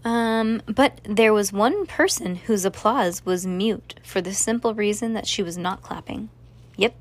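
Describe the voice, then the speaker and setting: A woman reading a children's novel aloud, with casual asides between passages. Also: medium pitch. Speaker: reader.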